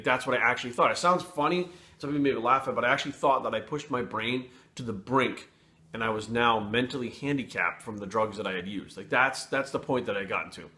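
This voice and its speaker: A man telling a personal story to camera in casual, blunt and profane talk, pausing and restarting as he goes. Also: medium pitch, bright, forceful tone. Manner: blunt and profane, frequent swearing; candid, with pauses and restarts.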